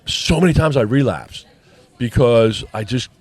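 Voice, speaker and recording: A man's voice: medium pitch, unhurried, darkish tone, husky. A man co-hosting a casual chat, telling a personal story and acting out the dialogue. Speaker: podcast co-host.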